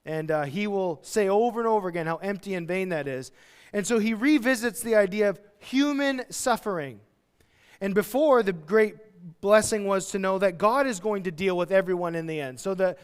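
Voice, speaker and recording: A man, a pastor, preaching a verse-by-verse sermon with animated delivery, acting out everyday voices. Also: high voice, fairly quick, smooth, long reverb tail. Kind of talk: expository sermon. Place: church.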